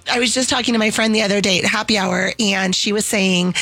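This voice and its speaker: A woman from Arizona hosting a radio talk show with a hoarse, lost voice, chatting casually and laughing easily. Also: mid-range voice, fairly even intonation, quick pace, hardly any pauses, pushed and bright, no room sound. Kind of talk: casual chat.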